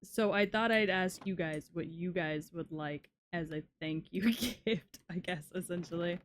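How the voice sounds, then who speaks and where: A young woman chatting casually with her viewers while playing a game, swearing often and reacting loudly to chat messages. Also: on the low side, unhurried, a little hiss or hum. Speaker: streamer. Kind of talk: casual live-stream chat while gaming.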